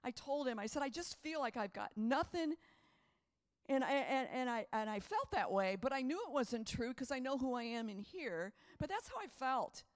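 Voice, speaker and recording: A middle-aged woman preaching a charismatic sermon with passion, repeating phrases and rising to near shouts. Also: sits high, expressive, normal speed.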